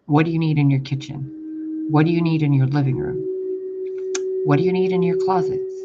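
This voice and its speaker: A man's voice: a little high, steady tone, moderate pace. A man delivering a casual channeled spiritual message, rambling and blunt, with casual swearing. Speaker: spiritual reader. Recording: dull lo-fi audio with loud background noise.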